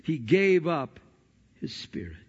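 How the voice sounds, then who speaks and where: A male pastor preaching a sermon in earnest tones, moving between hushed passages and emphatic ones. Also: fairly high pitch, sing-song, slow pace, slightly rough. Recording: dull sound in a reverberant hall.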